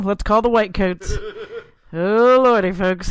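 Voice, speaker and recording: A woman's voice: mid-range voice, takes it slowly. A woman co-hosting a podcast, laughing and teasing in a scattered, casual way. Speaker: podcast co-host. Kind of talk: casual chat.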